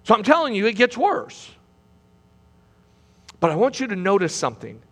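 A high-pitched man delivers a sermon from a pulpit in a church. He moves between soaring, loud cries and hushed, low passages, and he often repeats phrases. His voice carries a long reverb through the large hall. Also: very animated, normal speed, slightly rough. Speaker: preacher. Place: church sanctuary.

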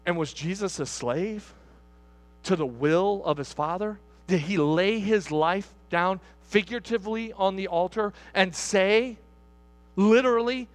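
A man's voice: sits high, unhurried. A middle-aged man, a pastor, preaching a sermon in a church hall, driving points home with repeated questions to the congregation.

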